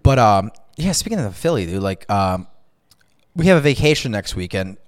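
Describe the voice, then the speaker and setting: A man co-hosting a podcast, talking casually, rambling and excitable with lots of swearing. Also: fairly low pitch, moderate pace, no room sound, studio quality. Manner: rambling, excitable, profane, tries impressions. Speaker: podcast co-host. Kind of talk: casual crude chat.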